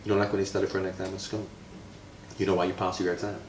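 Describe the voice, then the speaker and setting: A man's voice: low voice, flat delivery, rapid-fire. A man in his fifties from Jamaica, a retired footballer chatting with a child, playful and quizzing, stretching words for emphasis. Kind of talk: friendly teaching chat with a child. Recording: roomy, from far off, faint noise.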